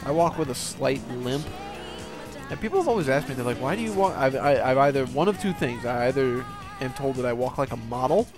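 A young man giving casual, profane let's-play commentary over a game, rambling and laughing at himself. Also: medium pitch. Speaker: gameplay commentator.

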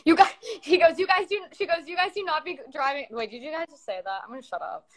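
Bubbly high-voiced woman on a phone call. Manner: giggly, bubbly, quick to laugh. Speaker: live stream host. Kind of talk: casual group chat. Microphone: phone on a video call.

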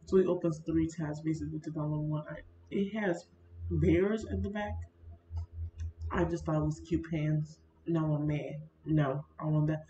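A woman's voice: deep voice, warm tone. Chatty young woman vlogging, roomy lo-fi sound. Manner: chatty, complaining, keeps addressing viewers as y'all. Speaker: Sims content creator. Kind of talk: casual screen-recorded gaming vlog. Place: indoors at a computer. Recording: roomy, dull built-in mic with faint fan noise.

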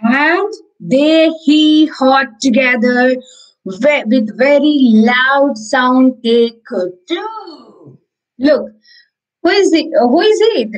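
Indian english lady teaching little kids online, super slow, high voice. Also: expressive, rough recording. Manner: slow sing-song storytelling to small children, repeating words. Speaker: preschool teacher. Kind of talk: online class storytelling. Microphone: video call.

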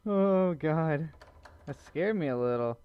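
A man's voice: on the high side, expressive, takes it slowly, smooth, dry recording. Jumpy gamer man, lo-fi mic. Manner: jumpy, talks to viewers, nervous jokes. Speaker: gamer playing a horror maze. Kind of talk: let's-play commentary. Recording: dull lo-fi mic.

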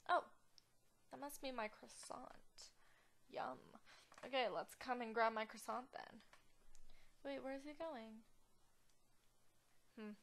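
Young woman, fairly high voice, chatty let's-play commentary that flips into mock outrage. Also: takes it slowly, long pauses, fairly bright tone, slight background noise. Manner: chatty, exaggerated outraged reactions and giggles. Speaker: gaming channel host.

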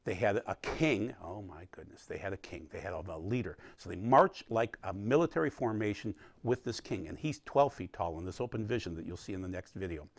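A man's voice: low voice, lively intonation, fairly quick, hardly any pauses, dry recording. A man teaching a recorded Bible study, explaining with emphatic energy.

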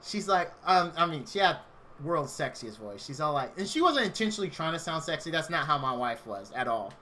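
A man in his thirties spins a chatty, rambling story for his stream viewers. His voice sits a little high and rings bright and forceful. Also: very animated, brisk, slight background noise. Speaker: game streamer. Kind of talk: casual storytelling on a live stream.

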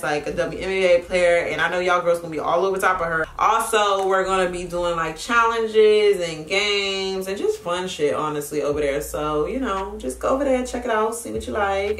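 A woman's voice: fairly low pitch, moderate pace, few pauses, a bit bright, far from the mic. A young woman vlogger chatting casually and frankly while getting ready, with lots of swearing and fillers. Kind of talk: casual get-ready-with-me chat. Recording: echoey room sound.

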